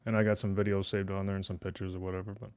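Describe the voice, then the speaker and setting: A man's voice: sits low, level tone, racing, darkish tone, clean tone, dry recording. A man hosting his own casual solo podcast, rambling and swearing as he chats with viewers. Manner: rambling, swears freely, talks to chat. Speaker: podcast host. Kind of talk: casual solo livestream chat. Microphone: desk microphone.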